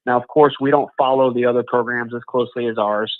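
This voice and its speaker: A man's voice: mid-range voice, fairly even intonation, fast talker, no room sound. A man calling in to a live show, talking in a casual, emphatic, fired-up way. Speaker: caller. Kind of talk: casual phone-in chat. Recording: tinny, dry phone line.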